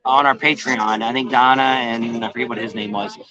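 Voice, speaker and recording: A man's voice: medium pitch, steady tone, brisk, dull audio, a crowd in the background. A man hosting a casual live-stream travel vlog, rambling and folksy, often correcting himself. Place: noisy bar with a crowd.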